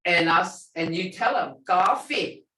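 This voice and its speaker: An older woman teaching a language class in a relaxed way, repeating phrases slowly for her learners. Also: fairly low pitch. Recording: echoey room, distant from mic.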